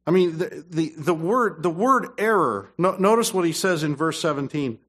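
A man preaching a sermon as pastor, dropping to low asides and rising to loud, emphatic passages. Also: animated, normal speed.

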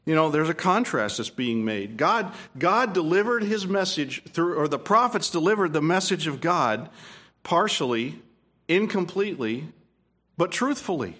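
Male pastor, high voice, emphatic sermon delivery with questions to the congregation. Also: expressive, normal speed. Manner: emphatic preaching with rising peaks and quiet asides; repeats and restarts phrases, asks the room questions. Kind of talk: expository sermon.

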